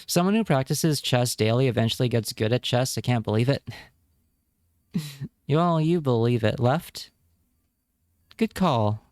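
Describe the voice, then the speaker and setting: 男性配信者、クリアで乾いた声. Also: male voice, mid-range voice, lively intonation, measured pace, pauses often, darkish tone, no room sound, studio quality. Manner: wry, talks to chat, repeats words when reacting. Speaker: streamer. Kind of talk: casual live-stream chat.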